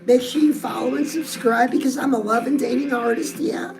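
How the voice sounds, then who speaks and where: A high-pitched woman coaching her followers on dating, chatty and sassy, calling them "girls". Clear music plays under her voice throughout. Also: fairly even intonation, a little fast, rough recording. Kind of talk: direct-address advice talk. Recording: music playing behind the voice.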